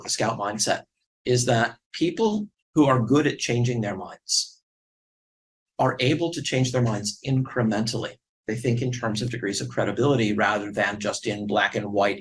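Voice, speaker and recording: A man's voice: mid-range voice, breathy edge, low-quality recording. A middle-aged man from the northern United States giving a lecture with slides, earnest and wry, building his argument step by step. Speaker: guest lecturer.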